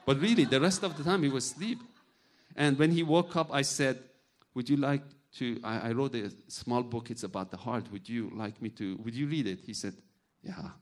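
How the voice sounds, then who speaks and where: Guy preaching, middle-aged, animated storyteller, loose grammar. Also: mid-range voice, normal speed. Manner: animated storytelling, acts out voices, non-native grammar. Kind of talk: sermon with personal stories.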